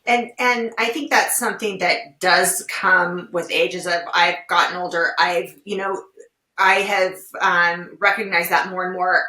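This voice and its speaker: A woman's voice: lowish voice, measured pace. A woman guest on an interview podcast, talking casually and telling stories expressively. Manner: expressive storyteller, animated retellings. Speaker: podcast guest, legal well-being director. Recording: roomy, distant-mic sound.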